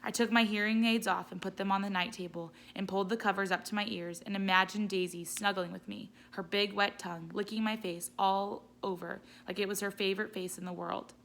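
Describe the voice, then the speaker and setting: A woman teacher gently reading a children's novel aloud. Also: medium pitch, fairly even intonation, fairly quick, creaky, few pauses. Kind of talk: read-aloud storytelling.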